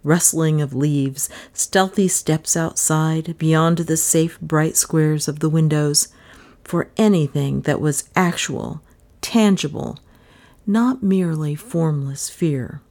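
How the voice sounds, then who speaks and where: A woman reading a mystery story aloud in an expressive, suspenseful narration. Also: sits low, slow pace, creaky. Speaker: audiobook narrator. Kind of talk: scripted narration.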